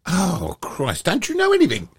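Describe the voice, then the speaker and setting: A man co-hosting a casual chat show, teasing and quick-witted. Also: high voice, huge pitch swings, slightly rough, no room sound, studio quality. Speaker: co-host. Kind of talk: casual banter.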